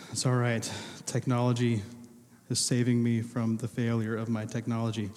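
A male pastor with a medium-pitched, level and slightly mellow voice speaks at an unhurried pace. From the pulpit of a large church hall, he jokes with the congregation while quizzing them on movie quotes. The room gives a long hall reverb.

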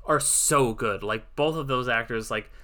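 A man's voice: medium pitch, a little slow, sharp tone. A man co-hosting a film podcast, talking casually and rambling through his thoughts with many restarts. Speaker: podcast co-host. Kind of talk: casual film review chat.

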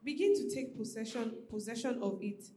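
A woman reading scripture aloud in a church service, steady and measured. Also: a little high, echoey room.

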